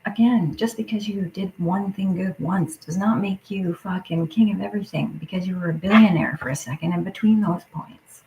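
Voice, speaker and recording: A woman's voice: medium pitch, moderate pace, hardly any pauses, a little mellow, slight background noise, low-quality recording. A woman livestreaming an angry, profane rant that keeps dropping into muttered whispers. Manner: swears constantly, drops into muttered whispers.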